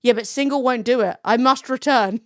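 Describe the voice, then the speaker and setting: A woman's voice: a little high, brisk, no room sound, clean studio sound. A young woman live-streaming, chatting casually with her chat, swearing freely and laughing often.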